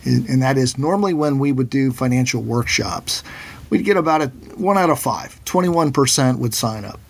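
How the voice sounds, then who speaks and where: A middle-aged man, a financial planner, telling a personal story in a conversational, animated way. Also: mid-range voice, normal speed, vocal fry. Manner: animated storyteller who acts out quoted voices.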